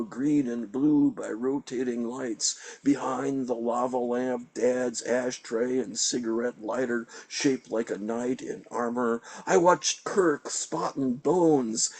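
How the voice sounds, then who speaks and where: An older man reading his own poem at an open mic in a measured, deliberate way. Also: medium pitch, mellow. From New Hampshire, United States. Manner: measured, deliberate poetry delivery. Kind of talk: poetry reading.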